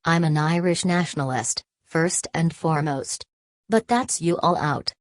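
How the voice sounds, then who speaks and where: A woman's voice: deep voice, a little slow, no echo, studio quality. A woman voicing an earnest, simple-hearted young male nationalist from an audiobook novel, speaking plainly and pleadingly.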